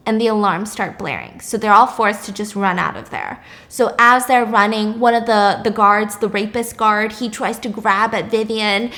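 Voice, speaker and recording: A woman's voice: fairly high pitch, fairly bright tone. A young woman vlogger narrating a story casually, with blunt, emphatic asides.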